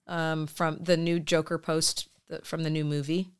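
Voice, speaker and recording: A woman's voice: deep voice, little pitch movement, normal speed, smooth. A woman co-hosting a podcast, a therapist who talks casually and rambles with fillers and restarts. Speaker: podcast co-host. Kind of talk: casual chat.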